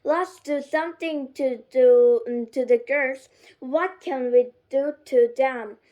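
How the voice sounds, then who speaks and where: Woman reader, high voice, slow, careful storybook reading with frequent self-corrections. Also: warm tone, muffled recording. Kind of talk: reading a graded storybook aloud.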